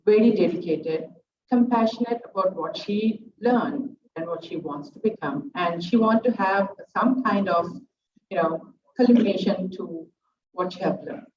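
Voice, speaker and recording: A middle-aged dance teacher speaks earnestly at a student's recital, pausing often to collect her words. She is heard from a distance in an echoing room, with a dull, muffled sound and a faint hiss behind her. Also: medium pitch, a little mellow. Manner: earnest, halting, with many fillers. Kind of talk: heartfelt speech at a student's recital.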